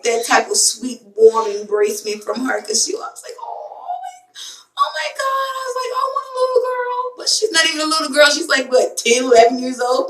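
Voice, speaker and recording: Young woman vlogger, rambling and emotional, higher voice, echoey bathroom, a bit off-mic. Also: fairly bright tone, distant mic. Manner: rambling, emotional storytelling with many fillers. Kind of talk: casual chat to camera. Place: home bathroom.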